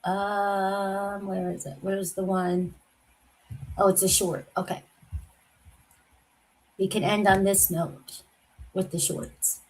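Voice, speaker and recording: A woman's voice: mid-range voice, flat delivery, slow, long pauses, low-quality recording. Rambling woman hosting a livestream. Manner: rambling, confiding, trails off mid-sentence. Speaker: true crime livestream host. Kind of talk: casual livestream chat.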